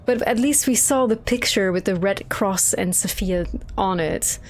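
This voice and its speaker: A woman's voice: medium pitch, unhurried. A young woman giving casual, profane commentary while playing a video game, rambling and incredulous. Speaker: game streamer.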